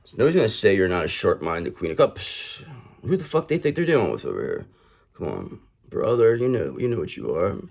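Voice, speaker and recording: A man with a lowish voice reads tarot in a tough, street-smart manner. He swears freely and talks to the viewer as if advising a friend. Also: big pitch swings, brisk, vocal fry, darkish tone. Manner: blunt, streetwise and profane, addresses the listener directly. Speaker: tarot reader. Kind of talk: online tarot reading.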